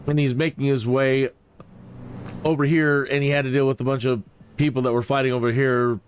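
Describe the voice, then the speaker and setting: A man's voice: mid-range voice, little pitch movement, brisk, slight background noise. A man streaming a flight game, chatting in a rambling, jokey way with many fillers. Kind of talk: casual live-stream commentary.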